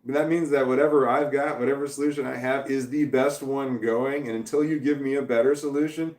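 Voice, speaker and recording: A man's voice: medium pitch, steady tone, brisk, darkish tone. Man ranting with frequent laughs, roomy echo. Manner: heated, swearing, laughing between sentences. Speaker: vlogger. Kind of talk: casual livestream rant.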